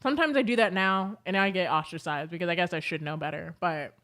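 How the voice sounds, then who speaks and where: A young adult woman chatting casually to camera as a beauty vlogger, telling animated stories with lots of fillers. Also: on the low side, quick pace.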